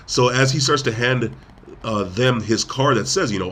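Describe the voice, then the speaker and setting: A man's voice: medium pitch, animated, moderate pace, a bit bright, slight background noise. A man co-hosting a podcast, casually retelling a film's plot with lots of fillers and restarts. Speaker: podcast co-host. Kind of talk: casual film review chat.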